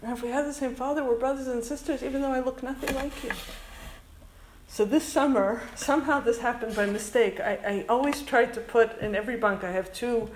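A woman's voice: fairly high pitch, fairly even intonation, fairly quick, roomy sound, a little hiss or hum, poor audio. A woman from Canada, a school principal who runs a summer camp, tells a heartfelt story to an audience. She speaks earnestly and emotionally and drops in Hebrew and Yiddish words.

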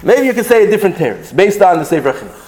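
A man gives a Talmud class in an animated, sing-song delivery, stopping to restart his sentences. His voice sits high for a man. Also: rapid-fire. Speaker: Torah teacher. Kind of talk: Talmudic lecture.

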